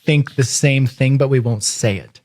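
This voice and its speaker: A man co-hosting a casual podcast chat, joking and bantering quickly. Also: mid-range voice, a little mellow. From Canada. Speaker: podcast co-host.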